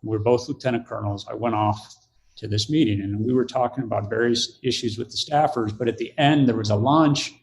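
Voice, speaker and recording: A man's voice: medium pitch, fairly even intonation, brisk, a little hiss or hum. An older man, a podcast guest, telling a story in conversation and acting out the quoted voices.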